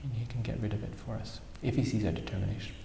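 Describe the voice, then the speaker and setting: A man's voice: fairly low pitch, very fast, creaky. Man giving a sermon, tells a fable, sanskrit words, big echoey hall, faint noise. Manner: animated, sprinkles in Sanskrit terms. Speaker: spiritual speaker. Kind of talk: sermon with storytelling. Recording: echoey hall with long reverb.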